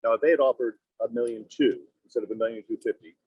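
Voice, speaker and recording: A man's voice: fast talker, husky, no echo. A man, a real estate broker, coaching his team in a meeting with leading questions. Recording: muffled low-fidelity audio.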